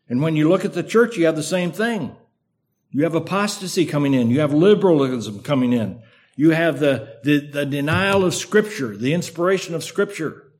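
An older male preacher delivering a sermon with a slight lisp. His voice sits a little higher than most men's, and he speaks in a measured, earnest way, building emphasis through repetition. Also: expressive. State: slight lisp from a sore tongue.

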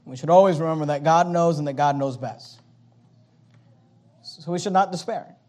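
A man preaching a sermon, reading King James scripture aloud and acting out the complaints of the people in animated voices. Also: fairly high pitch, normal speed. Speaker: pastor.

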